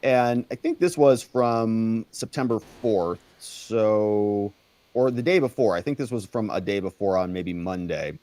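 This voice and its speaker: A man hosting a commentary show, mocking clips with drawn-out sarcastic repetitions. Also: lowish voice, dark tone, dry recording.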